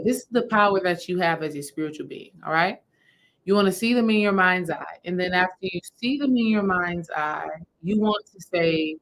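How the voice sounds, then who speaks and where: A woman's voice: fairly low pitch, fairly bright tone, poor audio. A woman spiritual healing coach, talking her audience through a meditation step by step in a casual, repetitive way. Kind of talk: guided meditation talk to a live audience.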